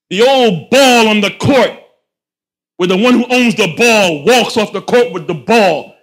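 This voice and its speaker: A man preaching a Friday sermon, swinging from soft asides to shouted rhetorical questions with slangy phrasing. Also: sits high, a little slow. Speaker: imam.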